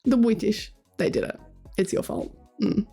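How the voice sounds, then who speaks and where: A woman's voice: mid-range voice, moderate pace, gravelly, dark tone, husky. A young Australian woman streaming, chatting casually with her viewers in a playful, rambling way. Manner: playful, rambling, laughs often, swears. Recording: faint music behind.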